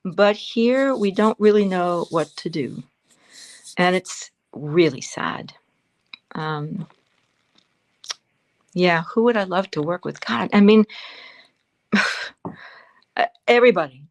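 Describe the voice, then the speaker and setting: A woman over seventy speaks as an interview guest, her voice sitting on the lower side. She tells stories expressively, leaning on emphatic repeated words. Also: slow pace, pauses often. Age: 70s. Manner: expressive, warm storytelling with emphatic repetitions. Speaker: guest actor.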